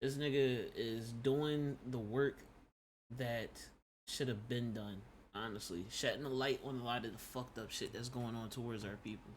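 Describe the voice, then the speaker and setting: A man chatting on a reaction stream in African American Vernacular English, slangy and loose. He hammers his points with repeated phrases, voice sitting at an everyday pitch. A faint hum runs underneath. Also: normal speed. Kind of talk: casual reaction stream chat.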